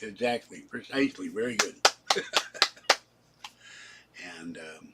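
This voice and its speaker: This channel host is a man in his seventies with a medium-pitched voice at normal speed, recorded with a lot of noise. He chats casually with viewers on his live stream, speaking directly to them and drifting between topics.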